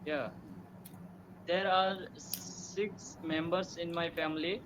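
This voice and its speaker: Male learner, halting and slow, slightly high voice, noisy background. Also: fairly even intonation. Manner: hesitant, halting, many fillers. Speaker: English learner. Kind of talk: spoken English practice conversation.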